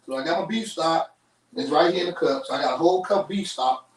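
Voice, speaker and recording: A man's voice: a little high, fast, distant mic. A man hosting a live cooking show, talking folksy and chatty straight to his viewers. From Chicago. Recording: roomy kitchen, off-mic.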